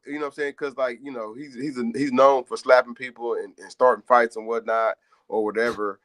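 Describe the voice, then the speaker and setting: A man's voice: medium pitch, fairly even intonation, brisk, a bit bright, dry recording. A man co-hosting a sports radio show, chatting casually in a slangy, rambling way. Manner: laid-back, slangy, rambling delivery.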